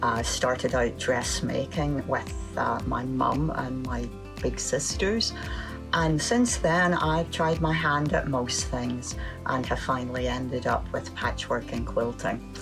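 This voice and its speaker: A woman who owns a fabric shop and quilts, introducing herself in a friendly, conversational way. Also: extremely low pitch. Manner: friendly, conversational, self-questioning. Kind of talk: recorded self-introduction. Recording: music bed playing behind the voice.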